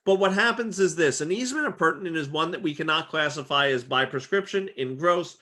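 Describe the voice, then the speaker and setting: Chatty bright-voiced man teaching. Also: a little high, fairly quick. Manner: chatty, filler-heavy with many "like" and "okay". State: losing his voice. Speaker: real estate exam instructor. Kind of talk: casual spoken lesson.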